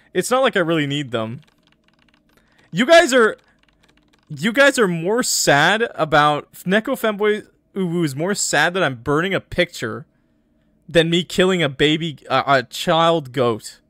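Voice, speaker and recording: Brief: male game streamer, casual chat, quick to laugh, bright, animated delivery. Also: on the high side, no room sound. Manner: laughs often, joking with chat. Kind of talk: casual gameplay commentary.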